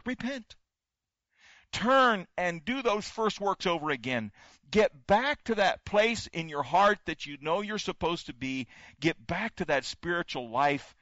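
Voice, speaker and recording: A man's voice: fairly high pitch, a bit bright, no echo, muffled recording. A male pastor delivering a sermon, building points through emphatic repetition.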